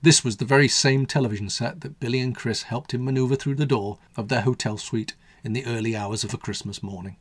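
Male radio storyteller from the UK, wry and measured; husky timbre, dry close sound. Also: mid-range voice, fairly even intonation, dry recording. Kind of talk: scripted story narration.

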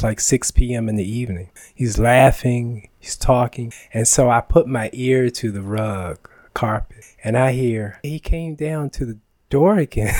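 A man on a podcast, telling a story in a casual, animated way, acting out the dialogue and laughing often. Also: mid-range voice, no room sound.

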